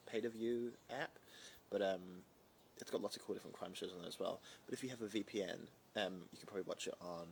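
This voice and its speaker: A chatty New man talking into his phone from home on a relaxed livestream. His voice carries a gravelly fry, and a faint hum sits behind him. He rambles easily and reads out comments as they come in. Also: fairly low pitch. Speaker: livestream host. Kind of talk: casual live-stream chat.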